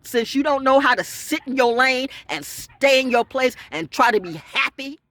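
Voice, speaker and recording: A woman storyteller rants straight to her camera with a very lively, swooping pitch. She lurches from loud, high outbursts down to low, muttered asides, cursing freely as she goes. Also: dry recording. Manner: profane, swinging from loud highs to low mutters. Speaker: online storyteller and broadcaster. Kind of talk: unscripted ranting monologue.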